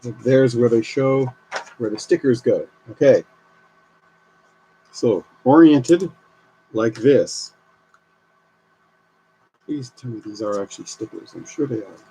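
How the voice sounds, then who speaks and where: A man's voice: mid-range voice, takes it slowly, pauses often, mellow, slight background noise, low-quality recording. A man live streaming as he builds a model kit, chatting and thinking aloud as he works. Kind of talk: casual live stream commentary.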